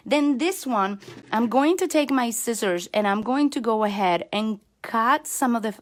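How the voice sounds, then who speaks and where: A woman hosting a card-making channel, chatting while she works and answering viewers' comments, speaking English that is not her first language. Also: fairly high pitch. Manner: chatty and self-deprecating, talks while working. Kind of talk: live crafting demo, reading viewer comments.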